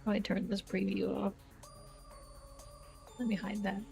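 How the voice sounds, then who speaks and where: A woman streamer talks casually into a desk mic, rambling from one thought to the next and throwing in exasperated outbursts. Her voice sits at an ordinary middle pitch for a woman. Faint game music plays quietly underneath. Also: level tone, measured pace, creaky. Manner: rambling, chatty, with bursts of exasperated exclamation. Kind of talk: casual live-stream chat. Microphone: desk microphone.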